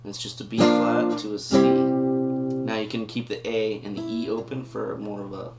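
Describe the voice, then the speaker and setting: A man with a lowish voice and flat delivery, at normal speed, gives a casual guitar lesson, thinking through rhythm and counting the beats out loud. His own loud guitar playing fills the roomy recording.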